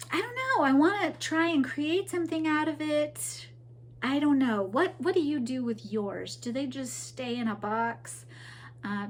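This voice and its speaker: A woman hosting a crochet podcast, chatting casually to camera about her projects, rambling with asides to viewers. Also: fairly high pitch. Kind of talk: casual show-and-tell chat to camera.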